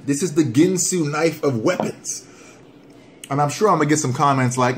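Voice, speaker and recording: A man doing a casual hot sauce challenge vlog at home, animated and joking while his mouth burns from the sauce. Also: fairly high pitch, normal speed, slight background noise. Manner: animated, joking, breaks into whoops and coughs. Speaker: vlogger.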